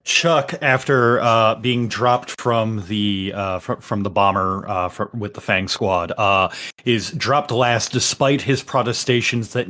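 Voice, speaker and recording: A man's voice: lowish voice, steady tone, takes it slowly, bright, forceful tone. A man playing a tabletop game, describing his character's actions with many fillers and restarts. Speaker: player. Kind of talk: casual tabletop game play.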